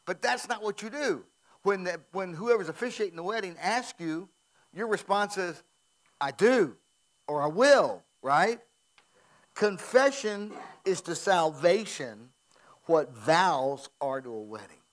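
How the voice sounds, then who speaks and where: A fairly high-voiced American man preaching a sermon from a church stage. He talks in a conversational way and repeats his points for emphasis. Now and then he drops almost to a whisper. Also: expressive, a little slow. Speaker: pastor. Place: church sanctuary.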